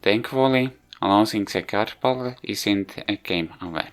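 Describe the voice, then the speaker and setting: Low, slow man with halting delivery. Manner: halting, frequent restarts and self-corrections. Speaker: game reviewer. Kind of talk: casual video game review voice-over. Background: faint background music.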